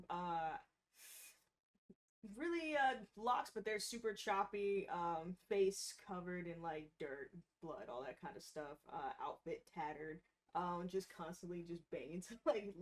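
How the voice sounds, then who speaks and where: A woman playing a tabletop game, casual and excited, laughing and swearing freely. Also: fairly low pitch. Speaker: player.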